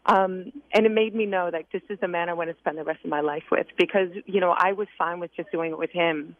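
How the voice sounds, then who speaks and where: A woman's voice: on the low side, fairly even intonation, fast talker. A woman calling in to a radio show, telling a story and getting choked up. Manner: emotional, choked up. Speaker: caller. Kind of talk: phone-in storytelling. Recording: tinny phone line.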